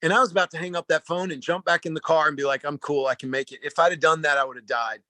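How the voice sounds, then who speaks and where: A man telling a personal story at a talk, animated and rambling, often restarting his sentences. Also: fairly high pitch, very fast, dry recording. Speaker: speaker at a talk.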